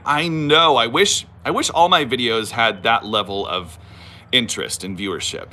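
A Californian man in his thirties hosts a casual, rambling livestream from home on his phone, moving about the property and reading viewer comments with self-mocking humor. His mid-range voice has a sharp tone and moderate pace, with slight background noise.

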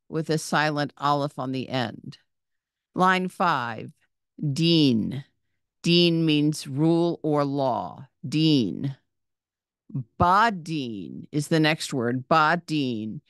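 In a patient reading lesson, a Hebrew reading teacher says each word, spells out its letters and vowel sounds, then repeats it. She speaks in a smooth, low-sitting voice, recorded with studio quality and no room sound.

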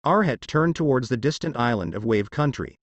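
A man's voice: mid-range voice, lively intonation, brisk, no room sound, lo-fi sound. A man reading fanfiction aloud as a storybook narrator, voicing every character.

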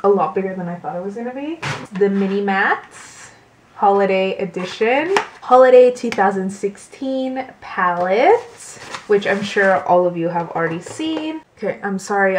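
A young woman talking casually to her camera in a bedroom haul video, soft-spoken and gushing, with gasps and laughs. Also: mid-range voice, background noise. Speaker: beauty vlogger. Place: bedroom at home.

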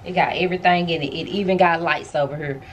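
Here a lifestyle vlogger talks fast in a lowish, fairly evenly intoned voice, with a little hiss or hum on the recording. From her bedroom she chats casually and directly with viewers, exclaiming, using slang, and sounding a touch winded.

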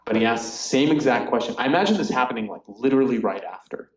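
A man leads a Bible study in a relaxed, conversational way, packing his talk with fillers and asides. His voice sits at an ordinary middle pitch. The sound carries the echo of a roomy space. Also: quick pace. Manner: chatty, filler-heavy, often laughs. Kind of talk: casual Bible study teaching. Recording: echoey room.

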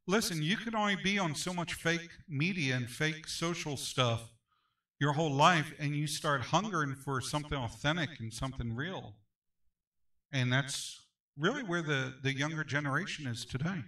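A man's voice: a little high, moderate pace, bright, forceful tone, distant mic, low-quality recording. A male pastor teaching a Sunday school class, emphatic and repetitive, often asking for an amen. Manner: emphatic, repeats phrases, calls for amens.

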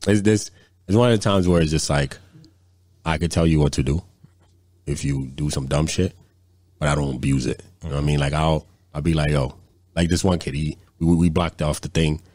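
Man, booming low voice, fast talker, profane casual anecdotes, filler-heavy. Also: steady tone, darkish tone, no echo. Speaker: podcast co-host. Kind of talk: casual storytelling chat.

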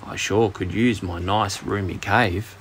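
A man with an Australian accent voicing an embarrassed, grumpy male dragon for a bedtime storybook, speaking slowly in a raised voice. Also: fairly even intonation, a bit bright, slight background noise. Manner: slow, sulky, higher-pitched drawl.

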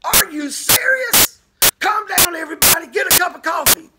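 A man imitating an excitable man who shouts in disbelief in a high voice. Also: normal speed, loud music behind the voice. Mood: excited. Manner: high-pitched shouting exclamations. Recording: heavy static hiss.

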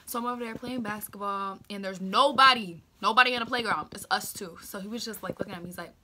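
Bright, sharp-voiced young woman telling a story. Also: medium pitch, fast talker, slight background noise. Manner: animated, slangy, dramatic asides and whispers. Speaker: vlogger. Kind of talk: casual storytime chat.

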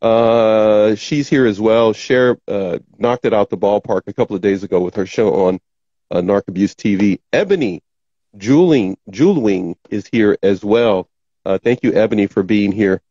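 A middle-aged man hosts a casual live show and jokes at his own expense while he trips over names. His voice sits low and mellow. It comes through a slightly dull, dry microphone. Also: moderate pace, no echo. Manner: self-deprecating, joking, stumbles over names. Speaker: show host. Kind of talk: casual live-stream chat. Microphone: home microphone.

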